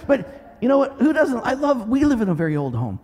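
A middle-aged man preaching in a church sanctuary, his voice slightly husky and rising and falling with a lot of life. He tells his story with animated energy and breaks into loud commanding shouts. A long reverb hangs after his words in the big hall. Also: very high voice, a little fast. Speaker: pastor. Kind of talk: sermon.

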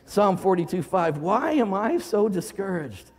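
A male pastor preaching a sermon in a church hall, dramatic, swinging from loud cries to low murmurs. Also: sing-song, measured pace.

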